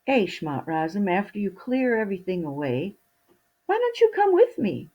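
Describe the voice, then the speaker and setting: A woman's voice: medium pitch, sing-song, moderate pace, dark tone, muffled recording. A woman voicing a humble, kindly young male archer who talks in a friendly, good-natured way, in a storybook telling.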